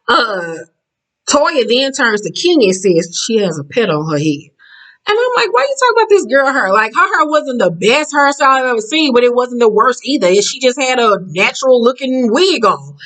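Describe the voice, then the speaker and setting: A woman recapping a reality show in blunt, profane, catty casual talk, jumping up in pitch as she acts out quotes. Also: a bit bright, poor audio.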